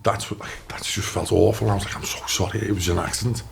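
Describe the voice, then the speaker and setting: Deep-voiced Liverpool man telling a story. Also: quick pace, gravelly, background noise. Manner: animated, swears, acts out quotes. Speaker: podcast guest, ex-soldier. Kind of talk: casual storytelling.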